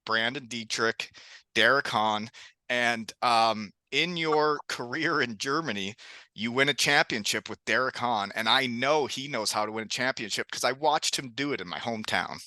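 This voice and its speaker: A man's voice: medium pitch, normal speed, pushed and bright, no echo. A middle-aged man from Canada hosting a podcast, chatty and telling stories with frequent laughs. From Elmira, Ontario, Canada. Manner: chatty, laughs often, storytelling. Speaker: podcast host. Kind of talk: casual chat.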